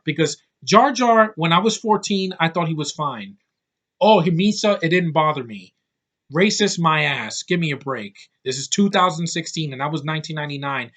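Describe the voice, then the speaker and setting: A movie reviewer in his thirties rants casually about a film, blunt and swearing freely, drifting onto tangents and stuffing his talk with fillers. His voice is somewhat higher than the typical man's and a touch bright.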